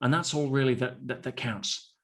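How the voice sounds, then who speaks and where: A man, a podcast guest, telling stories in an animated, anecdotal way with frequent restarts. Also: mid-range voice, normal speed. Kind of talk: casual storytelling interview.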